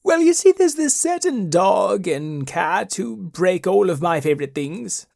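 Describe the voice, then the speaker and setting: A man's voice: high-pitched, very animated, measured pace, vocal fry, a little mellow, heavily acted. A man voicing a pompous, self-important wizard with a grand, theatrical delivery. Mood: pompous, delighted.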